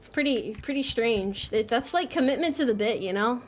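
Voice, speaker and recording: A woman's voice: a little high, animated, brisk, faint music behind. A young American woman streaming a game, chatting casually and playfully, reading chat messages aloud and joking about herself. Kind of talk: casual live-stream chat while gaming.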